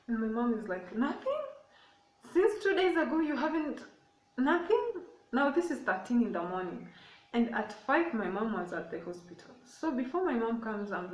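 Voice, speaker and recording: A woman's voice: medium pitch, far from the mic, slight background noise. A young woman tells a personal story in a casual, emotional way, circling back and repeating herself as she goes. She sits some way from the microphone, and the room gives her voice a hollow echo. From Kenya. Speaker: vlogger. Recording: echoey room, away from the mic.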